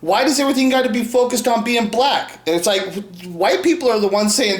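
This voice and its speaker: A man's voice: fairly quick, few pauses. Rambling, profane man in an echoey room. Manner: rambling, profane, keeps adding "right?" and "and shit"; frequent laughs, swings between loud outbursts and low mutters. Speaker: video maker. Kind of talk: rambling monologue to camera. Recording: roomy echo.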